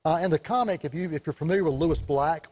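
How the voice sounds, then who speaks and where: Guy cohosting a movie talk show, kinda high voice, chatty, laughs a lot telling stories. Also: fast talker. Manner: chatty, animated storyteller, laughs often. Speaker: co-host, film reviewer. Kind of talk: casual chat about movies.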